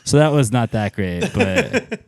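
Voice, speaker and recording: A man's voice: medium pitch, wildly swooping pitch, unhurried, a little mellow, no room sound, soft background music. A man co-hosting a podcast in rambling, laid-back casual banter. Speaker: podcast co-host.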